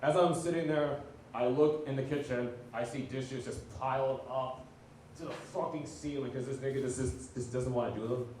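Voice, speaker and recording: A young man at mid pitch does a first-timer's stand-up set with swaggering, profane bravado. His voice bounces around a very echoey room and reaches the mic from a distance. There is a faint hiss behind it. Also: fairly even intonation, moderate pace, a little mellow. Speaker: first-time stand-up comedian. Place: student comedy night venue.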